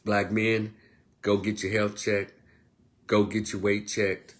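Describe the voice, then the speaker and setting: A man delivering a blunt, profane monologue as an online commentator, swinging between loud outbursts and low, quieter stretches. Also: takes it slowly, slight background noise. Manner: blunt, profane, animated rant. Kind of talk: casual ranting monologue.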